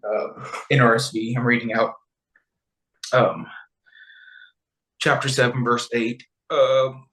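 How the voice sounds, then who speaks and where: Casual man in an echoey room. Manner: animated, acts out characters' lines in high voices. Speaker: podcast co-host. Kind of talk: casual chat retelling a story.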